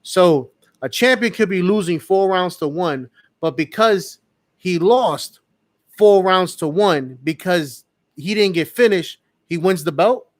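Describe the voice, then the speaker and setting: Casual co-host, a man with a high voice, venting angrily and repeating himself. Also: expressive, measured pace. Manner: heated, profane ranting with repetitions. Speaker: co-host of a live fight reaction show. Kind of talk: casual live reaction chat.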